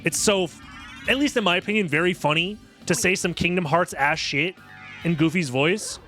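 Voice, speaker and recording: A man's voice: high-pitched, fairly quick, bright, forceful tone, faint music behind. A young man streaming a video game, chatting casually in a rambling, joking and self-deprecating way, swearing freely. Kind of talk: casual commentary while gaming.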